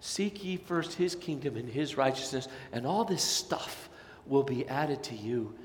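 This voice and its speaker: A male pastor preaches an energetic, fired-up sermon in a large church sanctuary, animatedly acting out the voices of people in his congregation. His voice is mid-range at a measured pace, with a little hiss or hum. The sanctuary is echoey, with long reverb.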